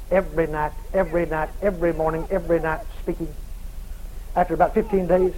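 A man preaching a revival sermon, shouting and hammering phrases over and over, then dropping quiet. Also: fairly high pitch, slight background noise, low-quality recording. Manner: shouting, emphatic repetition, swings loud and quiet.

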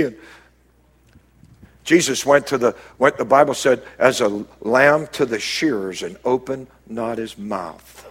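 A man preaching a sermon as pastor, swinging between loud rises and quiet low drops and calling out to the congregation. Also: a little slow, gravelly, husky. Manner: preaching with sudden rises and drops, calls to the crowd.

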